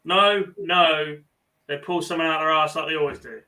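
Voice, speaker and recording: An English man with a high, bright voice and a blunt, sarcastic way of talking. He sounds a little distant from the microphone. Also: fairly even intonation. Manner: blunt, sarcastic, quick-witted. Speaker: podcast co-host. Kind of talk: casual banter.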